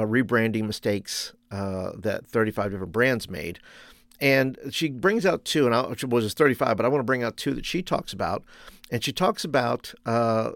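A man's voice: medium pitch, vocal fry, no echo. Chatty male podcast coach, dry close sound. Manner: conversational, many fillers and restarts, laughs at own stories. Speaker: youth ministry coach and podcast host. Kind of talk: podcast monologue.

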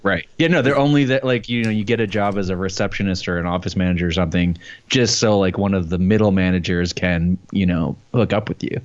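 A man's voice: low-pitched, fairly even intonation, quick pace, few pauses, lo-fi sound. A man co-hosting a podcast, rambling wryly and laughing often. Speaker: guest co-host. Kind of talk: casual podcast banter.

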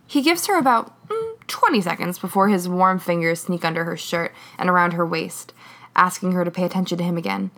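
Woman narrator, low voice, measured, reading fiction aloud. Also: animated, fairly bright tone. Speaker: reader.

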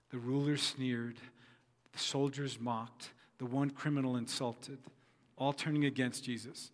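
A man's voice: mid-range voice, big-room sound. A man preaching a sermon who acts out quoted speech and repeats his phrases for emphasis. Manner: voices quoted figures dramatically, repeats phrases.

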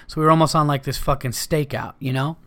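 A man's voice: fairly high pitch, fairly even intonation, fast talker, bright, forceful tone. A man hosting a podcast and telling a casual, rambling anecdote with plenty of swearing. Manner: rambling, profane, laid-back anecdotes. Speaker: podcast host. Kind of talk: casual storytelling.

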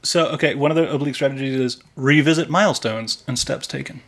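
A male podcast co-host talking in a laid-back, rambling way with lots of halting restarts. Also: medium pitch. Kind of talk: casual comedic chat.

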